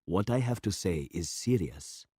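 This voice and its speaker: A man voicing a grave, elderly village pastor in a story read aloud, speaking slowly and formally. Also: deep voice, expressive, dark tone, husky, no room sound, studio quality, full character voice. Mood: solemn. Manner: slow, solemn and formal.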